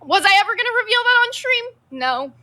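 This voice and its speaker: A woman's voice: very high voice, big pitch swings, quick pace, sharp tone. A woman arguing defensively on a live stream, talking over others. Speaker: streamer guest. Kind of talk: heated live stream argument.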